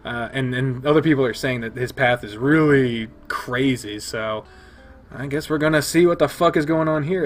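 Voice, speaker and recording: A man hosting a let's play, reading a visual novel aloud with excitable, rambling, profane reactions. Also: medium pitch, moderate pace, soft background music. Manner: excitable, swearing, rambling asides.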